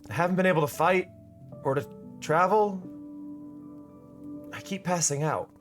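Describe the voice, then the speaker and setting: A man's voice: high-pitched, a little slow, faint music behind. A man voicing a weakened warrior who talks in a tired, dejected way. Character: weary warrior, frustrated and weakened.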